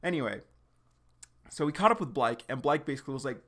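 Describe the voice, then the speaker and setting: A young man with a gravelly, creaky voice at an ordinary middle pitch runs a live reaction stream. He recaps in a loose, slangy way, leaning on "like" and the odd curse. His delivery is casual and chatty. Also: lively intonation, quick pace, long pauses, fairly bright tone. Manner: loose, slangy, full of "like" and swearing.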